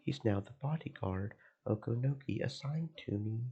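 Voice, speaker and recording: A man streaming a let's play, reading first-person visual novel narration aloud in a slow, emotive way with game music behind. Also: medium pitch, animated, vocal fry, dull audio, noisy background. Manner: slow, emotive reading that swells into panicked repetition.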